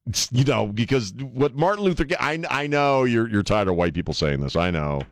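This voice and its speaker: A man's voice: mid-range voice, very animated, a little fast, no room sound, clean studio sound. A man hosting a talk radio show, delivering a sarcastic, rambling opinion monologue with many restarts.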